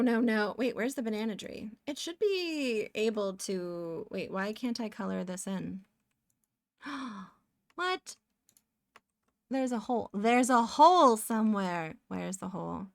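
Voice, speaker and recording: Young canadian woman rambling on stream while drawing, gets excited fast, dead dry sound. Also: medium pitch, gravelly, smooth, dry recording. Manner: chatty, distracted, bursts of excited exclamations. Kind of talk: casual live-stream chat while drawing.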